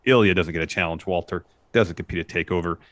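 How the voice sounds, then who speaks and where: A man co-hosting a podcast, retelling wrestling promos in a flat, steady way during a casual recap. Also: low voice, fast talker, no echo. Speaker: podcast co-host.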